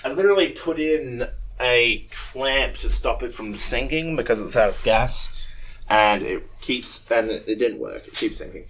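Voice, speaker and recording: A man's voice: mid-range voice, moderate pace. A young Australian man telling a rambling, profane story on a casual podcast. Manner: rambling and profane, with loud animated quoted voices. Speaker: podcast co-host.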